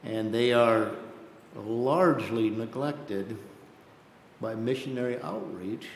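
A man's voice: takes it slowly, vocal fry. A man preaching a missionary sermon in an earnest way, often repeating words as he builds a point. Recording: echoey hall with faint rumble.

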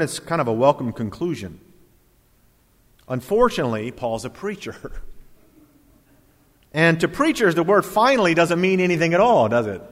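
A male pastor with a slightly higher-than-average voice delivers a lively sermon, dropping jokes and acting out quoted lines. His voice carries a long reverb, as if recorded in a big church hall. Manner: animated and jokey, with quoted asides.

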